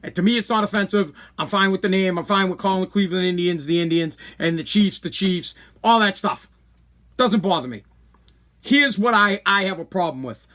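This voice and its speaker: A man's voice: high-pitched, fairly quick, a bit bright. A man hosting a podcast, ranting bluntly and heatedly with profanity and lots of repetition. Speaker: podcast host. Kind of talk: opinion rant.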